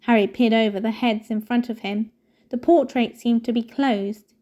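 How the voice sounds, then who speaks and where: Woman reading a novel aloud, mellow. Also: a little high, steady tone, normal speed, highs cut off. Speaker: reader.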